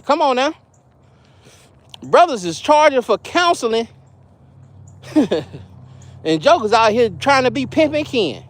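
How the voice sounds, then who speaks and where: Animated man commenting, dry close sound. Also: a little high, no echo. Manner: animated, laughing, emphatic repetition. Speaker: online commentator on religious leaders. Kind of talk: casual live-stream commentary.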